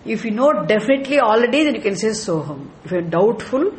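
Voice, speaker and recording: A man's voice: sits high, sing-song, fast talker, a little hiss or hum. A man teaching scripture as a spiritual teacher, emphatic and repetitive, with frequent chuckles. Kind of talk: scripture lecture.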